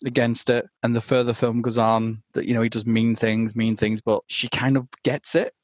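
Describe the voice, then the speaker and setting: A man's voice: medium pitch, flat delivery, no room sound. Man chatting about a film, dry close sound. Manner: halting, many restarts and quick laughs. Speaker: podcast guest. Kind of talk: casual film discussion.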